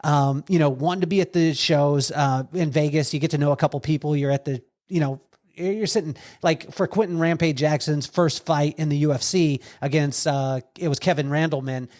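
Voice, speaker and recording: Man, podcast guest, animated storytelling, higher-pitched voice, quotes people in lively voices. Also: moderate pace. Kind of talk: storytelling conversation.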